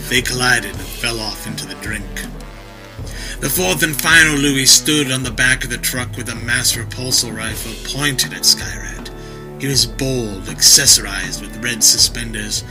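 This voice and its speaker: A man narrating an action story in a vivid, expressive storytelling manner. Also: lowish voice, rough recording.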